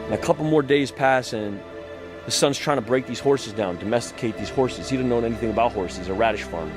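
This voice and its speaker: Male storyteller, mid-range voice, casual and profane, with soft music underneath. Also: mid-range voice, a little fast. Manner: loose and profane, with frequent restarts.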